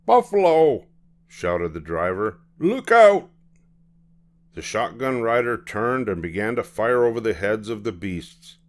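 An older man reading a children's picture book aloud, telling the story in an unhurried, measured way. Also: on the low side.

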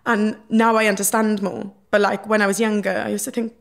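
A woman's voice: mid-range voice, little pitch movement, brisk, gravelly. A young woman with a Welsh accent, a reality TV guest talking openly in a podcast interview, emotional and swearing freely.

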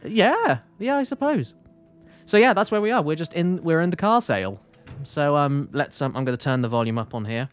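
Male streamer, a touch high-pitched, loose rambling live commentary at a desk mic. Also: lively intonation, moderate pace, faint music behind. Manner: chatty, rambling, apologetic, reads chat aloud. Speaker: game streamer.

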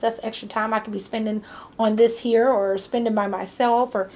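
A woman's voice: a little high, steady tone, moderate pace, darkish tone, a little hiss or hum. A woman giving a casual tarot reading, chatty and reassuring, with many fillers and frequent okays. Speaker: tarot reader.

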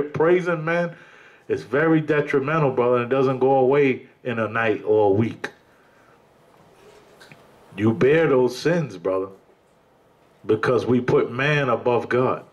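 A man preaching a sermon in an emphatic, colloquial way, often calling his listeners brother. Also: mid-range voice.

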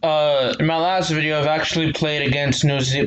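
A man's voice: a little high, steady tone, normal speed, fairly bright tone, a little hiss or hum. A man talking casually over gameplay as a YouTuber, rambling and hesitant, often correcting himself. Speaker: gaming YouTuber.

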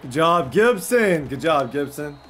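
A young man giving excited commentary on his own video game, shouting at big plays and repeating himself. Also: fairly high pitch, measured pace, soft background music.

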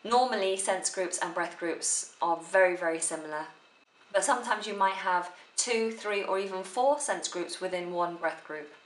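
A woman giving a spoken theory lesson for a drama exam, explaining slowly and deliberately. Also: fairly low pitch. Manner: slow, careful, deliberate delivery. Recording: echoey room.

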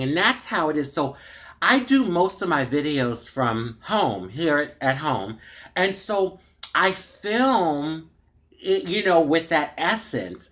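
Speaking in a deep, slightly bright voice, an American woman talks casually into her tablet's camera mic at home in a dim room. She's chatty, candid and frustrated, rambling with lots of fillers like "you know."

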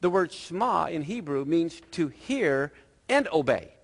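A male pastor preaching a sermon in a lively, conversational storytelling manner. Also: a little high, a little slow, big-room sound.

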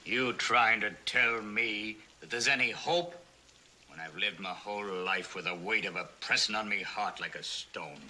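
A gruff old father on the frontier in a 1960s TV western, drawling slowly and bitterly. His low voice has a hard, sharp edge. Faint hiss lies under it. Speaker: actor in a western TV drama. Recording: noisy vintage TV soundtrack.

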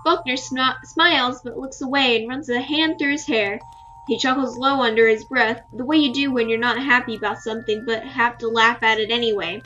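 Bright, high-voiced woman reading a game. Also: steady tone, moderate pace, highs cut off, soft background music. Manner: casual and chatty, sleepy at the close. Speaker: gaming video host. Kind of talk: reading a visual novel aloud.

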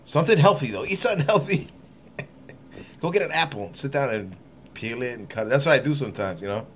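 A man's voice: medium pitch, lively intonation, fast talker, a little hiss or hum. A man reading scripture aloud on his channel, breaking off into rambling, irreverent asides with frequent laughter. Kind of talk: casual scripture reading with running commentary.

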